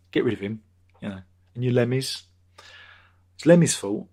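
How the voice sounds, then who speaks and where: A man's voice: medium pitch, normal speed, long pauses, warm tone. A man in his fifties hosting a casual live stream, rambling through viewer comments with crude jokes and lots of repetition. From Britain. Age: 50s. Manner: rambling, jokey, crude asides, many repetitions. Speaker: livestream host.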